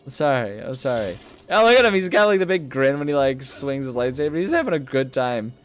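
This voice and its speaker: A young man commenting casually while playing a video game, rambling and easily amused, often breaking into high-pitched laughter. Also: sing-song, a little fast. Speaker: gaming video host. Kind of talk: casual let's-play commentary.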